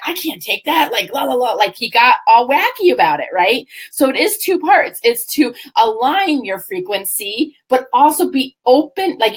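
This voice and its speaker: High, lively, husky-voiced woman host. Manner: laughs often, addresses listeners directly. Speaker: book club host. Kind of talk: casual chat.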